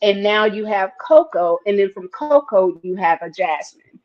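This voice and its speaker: A woman co-hosting a casual talk show, telling stories in an animated, expressive way. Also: mid-range voice, measured pace. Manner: animated, expressive storytelling, rising with excitement. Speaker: podcast co-host. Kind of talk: casual chat. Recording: slightly dull, muffled sound.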